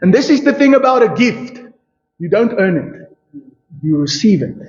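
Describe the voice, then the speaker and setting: A man's voice: high voice, very animated, moderate pace, darkish tone. A man preaching a sermon as pastor, emphatic, with rhetorical questions and a repeated "you see". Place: church hall. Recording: echoey church hall, dull lo-fi sound. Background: congregation calling out responses.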